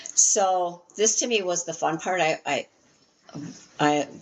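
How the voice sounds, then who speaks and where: A woman's voice: lowish voice, takes it slowly, rough recording. Woman teaching Hebrew, many "um"s. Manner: frequent "um" fillers, patient step-by-step explaining. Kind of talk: teaching a class from a textbook.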